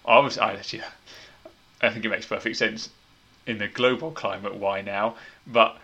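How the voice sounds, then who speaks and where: A man's voice: on the low side, steady tone, normal speed, pushed and bright. A man hosting a casual movie review podcast, wry and opinionated as he leads the talk. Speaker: podcast host.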